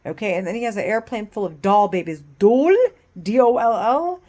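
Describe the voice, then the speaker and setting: A woman talking in a casual rambling monologue, profane and full of restarts, swinging between loud agitation and low muttering. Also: brisk.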